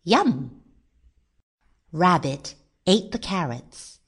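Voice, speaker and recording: Casting: patient woman reading a picture book aloud, slow and melodic. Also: lowish voice, very animated. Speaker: storybook reader. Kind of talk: reading a children's story aloud.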